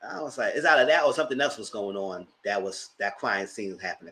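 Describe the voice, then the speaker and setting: A man hosting a casual TV recap, chatty and animated, laughing often and breaking into excited outbursts. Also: fairly low pitch, fast. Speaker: TV recap host. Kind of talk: casual live TV review commentary.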